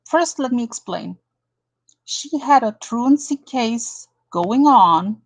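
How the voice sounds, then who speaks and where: A woman's voice: a little high, lively intonation, takes it slowly, vocal fry, poor audio. A woman from Germany doing a blunt, indignant drama commentary, calling someone out and reading an article aloud. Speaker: commentary vlogger.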